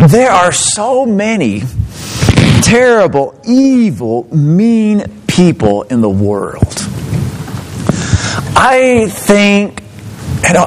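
A man delivering a sermon, with a voice sitting a little higher than most men's. He stresses his words hard, jumping up for emphasis and dropping low and quiet. He reads scripture aloud and retells it in his own words. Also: slight background noise, poor audio. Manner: emphatic preaching, swinging between loud rises and low drops. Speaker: pastor.

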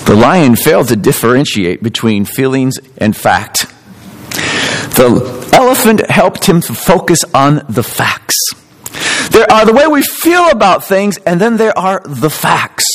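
A male pastor preaching with a high, very lively voice that swoops up and down. He presses hard on his main points and draws them out slowly. His delivery is animated and emphatic. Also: rough recording. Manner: animated preaching, emphatic and slowed on key phrases. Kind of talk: sermon.

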